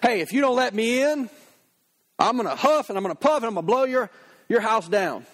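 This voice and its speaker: A man's voice: very high-pitched, expressive, fairly quick, fairly bright tone, in a large hall, full character voice. A man doing a hungry threatening big bad wolf.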